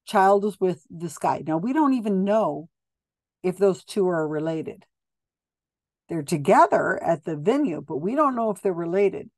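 A woman's voice: fairly low pitch, animated, unhurried, a little mellow, no echo, clean studio sound. A woman giving skeptical, blunt video commentary, talking casually with frequent ums and restarts. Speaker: commentator reviewing psychic videos.

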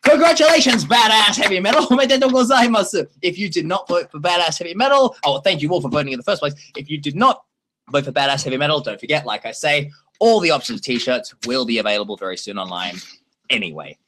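Speaking fast in a voice on the high side, an Australian livestream host in his thirties keeps things casual and animated. He tosses in playful jokes and mock broken-English bits, with slight background noise behind him.

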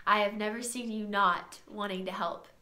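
A young woman giving a heartfelt birthday tribute to her father, reading from a list with soft laughs and a slightly tearful voice, in a sunroom at home. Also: mid-range voice, steady tone, moderate pace. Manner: tender, reading from notes with frequent soft laughs. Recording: roomy echo in a sunroom.

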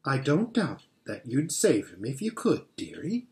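A man reading aloud who voices a kindly, practical motherly beaver in a gentle, soothing way. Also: mid-range voice, wildly swooping pitch, measured pace, gravelly, heavily acted.

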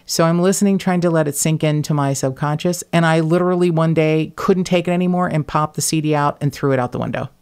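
A woman hosting a podcast in casual chat, talking in an animated, blunt way, swearing freely and laughing between words. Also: low-pitched, quick pace, hardly any pauses, smooth. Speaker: podcast host.

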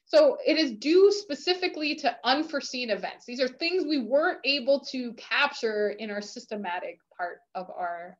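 A woman lecturer explaining course material in a recorded university lecture, filling pauses with "um" and checking in with "right?". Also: a little high. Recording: dull lo-fi lecture audio.

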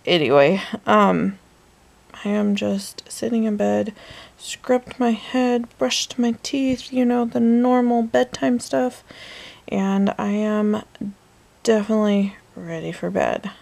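Slow, gravelly-voiced woman chatting from bed. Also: medium pitch, fairly even intonation, a little mellow. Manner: rambling storytelling, drops to whispers. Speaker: vlogger. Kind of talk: casual bedtime vlog chat. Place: bedroom, in bed.

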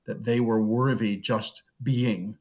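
A low-pitched middle-aged man talks over a video call, his voice dull and lo-fi. He speaks earnestly as an interview guest and tells personal stories. He slows down to stress a point. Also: steady tone. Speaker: guest, seminary professor. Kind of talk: reflective interview storytelling.

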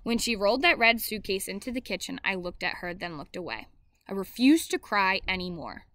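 A woman reads a novel aloud in steady first-person narration, now and then stumbling and correcting herself. Her voice is bright and clear. The sound is close and dry, with no room around it. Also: medium pitch, brisk, dry recording.

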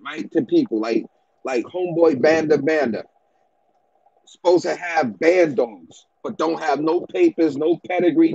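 A man's voice: a little high, dark tone, muffled recording. A man who breeds dogs, giving business advice in a casual rant to the camera, slangy and repetitive, often ending lines with "bro" and "man".

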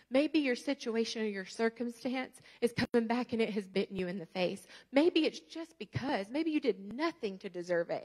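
A woman, delivering a sermon as a guest preacher. She tells her stories animatedly, keeps asking the congregation questions, and her speaking voice sits a little on the high side. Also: a little mellow.

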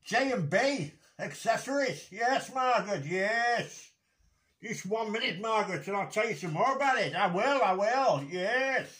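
A grumpy older man , as a man puts him on, rants down the phone in an exasperated comic impression. He repeats his grievances over and over and peppers them with mild swearing. The put-on voice sits high and sounds bright and sharp. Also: expressive, unhurried. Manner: exasperated ranting, repeats himself and swears mildly. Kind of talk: comic one-sided phone rant impression.

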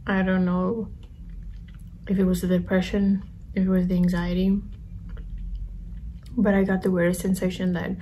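A young woman speaks in a soft, halting, confessional way, pausing often with ums. Her voice is mellow and warm and stays fairly level in pitch. A faint hum of room noise sits under her voice. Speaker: vlogger. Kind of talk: personal storytelling while eating.

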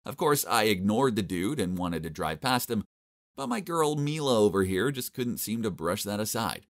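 A young man narrating an animated story in a complaining, exasperated manner. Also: on the low side, moderate pace.

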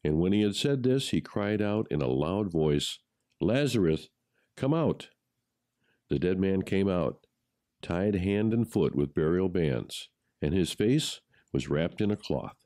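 A man reading a gospel passage aloud in a measured, solemn way. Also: sits low, animated, dark tone, dry recording, studio quality. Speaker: gospel reader. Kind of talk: scripture reading.

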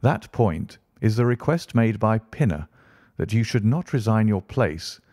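A man reading an audiobook voices a brisk, impatient male detective who lectures in a crisp manner. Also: fairly low pitch, expressive, darkish tone, no echo, studio quality. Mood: lecturing.

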